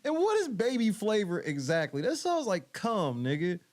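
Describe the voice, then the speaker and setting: A man's voice: sits high, wildly swooping pitch, moderate pace. A man hosting a podcast, giving casual reaction commentary and laughing in disbelief. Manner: laughing, incredulous. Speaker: podcast host.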